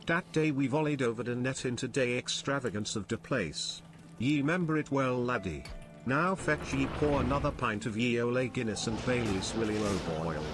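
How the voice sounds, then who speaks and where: Boisterous old Irish barfly who rambles half-gibberish pub talk, put on by a man, music loud behind. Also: mid-range voice, animated, moderate pace, natural voice. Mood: reminiscing.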